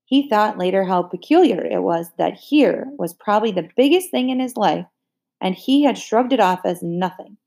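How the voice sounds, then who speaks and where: A woman's voice: medium pitch, lively intonation, normal speed, mellow. Woman reading a children's novel aloud. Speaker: audiobook reader.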